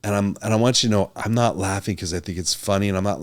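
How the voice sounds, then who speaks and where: A middle-aged man talks straight to a camera as a doctor hosting his own show. He is earnest and emphatic and hammers his main points by saying them again. His voice sits a little low. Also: quick pace, few pauses. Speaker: physician and podcast host. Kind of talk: casual talk to camera.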